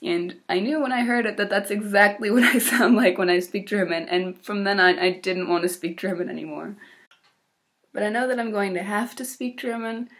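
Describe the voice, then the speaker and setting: A woman's voice: medium pitch, normal speed. A teenage girl from Illinois with an American accent, talking casually and upbeat in a video diary about her exchange year. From Illinois, USA. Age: teens. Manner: chatty, upbeat, with fillers and small laughs. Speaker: exchange student vlogger.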